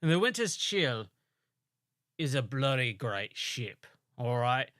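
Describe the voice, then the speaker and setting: A man's voice: mid-range voice, sing-song, slow, a bit bright, no echo, studio quality. A man voicing a jolly, rum-loving male pirate sailor in pirate slang, with game music behind him. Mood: boastful. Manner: pirate slang, boisterous and drawn out.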